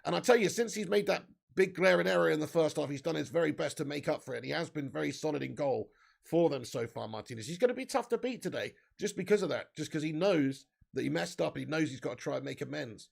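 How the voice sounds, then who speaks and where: Gravelly high-voiced man hosting a football watch-along. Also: fast talker. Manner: banter with chat, swearing, excited bursts on chances.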